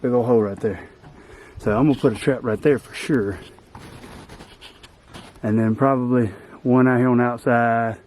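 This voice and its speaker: A man's voice: mid-range voice, steady tone, normal speed, long pauses, a little mellow, slight background noise. Folksy man vlogging outdoors. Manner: rambling, folksy, self-deprecating. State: out of breath. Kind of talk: casual outdoor vlog chat. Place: outdoors by a swampy creek, in a boat. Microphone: camera set up nearby.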